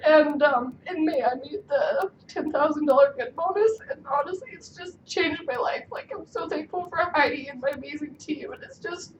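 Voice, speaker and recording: A woman's voice: high voice, moderate pace, hardly any pauses. A nervous young woman sharing her personal story in front of a group for the first time, apologizing and getting tearful. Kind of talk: personal testimonial speech. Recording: dull, echoey distant room sound with noise.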